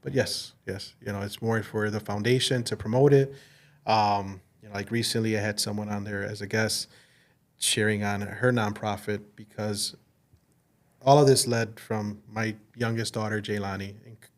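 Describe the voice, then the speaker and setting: A man's voice: fairly low pitch, fairly even intonation, moderate pace. A man, a business owner guest, telling personal stories in a casual interview, earnest and full of fillers. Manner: earnest, faith-driven, speaks with restarts and fillers. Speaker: podcast guest, insurance agency owner. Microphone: studio mic.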